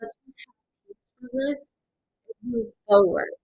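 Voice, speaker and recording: A woman hosting a live psychic reading stream, halting and stuffed up from crying, calling out names and letters to viewers. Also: sits high, darkish tone, husky. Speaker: psychic medium host.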